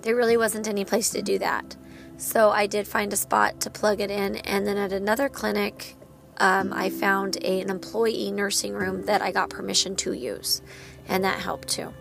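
Candid woman with a gravelly edge. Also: mid-range voice, little pitch movement, normal speed, over music. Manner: candid, self-encouraging, laughs at herself. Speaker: podcast host, parent of a child with medical needs. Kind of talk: personal podcast monologue.

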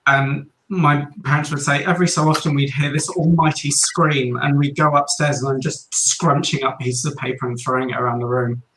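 A man's voice: mid-range voice, fairly even intonation, moderate pace, hardly any pauses, fairly bright tone, echoey room, slight background noise, low-quality recording. A man chatting casually, hesitant and self-deprecating, with lots of ums. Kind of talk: casual chat.

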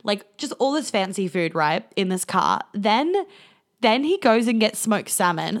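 A woman, hosting a podcast, telling a story in a chatty way, swearing freely and laughing along. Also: medium pitch. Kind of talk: casual storytelling monologue.

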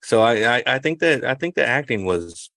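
A man's voice: mid-range voice, lively intonation, moderate pace, a bit bright, no echo. Man, podcast co-host, teasing, laughs a lot, dry close sound. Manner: laughs often, teasing, leads the questions. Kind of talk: casual movie review chat.

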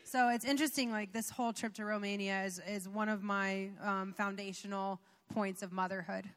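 A young woman of medium pitch speaks at normal speed in a steady tone. She's the pastor's wife, sharing a personal, chatty testimony during a sermon with plenty of fillers and soft laughs, recorded in a reverberant church sanctuary.

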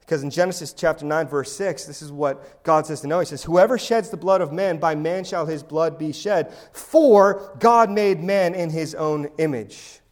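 A man delivers a sermon as pastor, his voice sitting noticeably high for a man. He speaks with emphasis and slips into sarcastic asides. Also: normal speed, few pauses.

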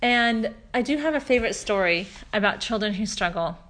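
A woman in her forties, a mother talking through a faith story and scripture lessons in a chatty, earnest way, softer when she reads verses. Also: on the high side, lively intonation, fairly quick. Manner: chatty storytelling, warm earnest asides with soft laughs. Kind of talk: casual religious talk.

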